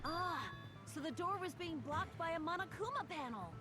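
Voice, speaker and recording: An eager young female student in a dubbed game, high-pitched and swinging widely up and down. She animatedly confirms each step of the deduction. Game music plays clearly behind her. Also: animated, normal speed.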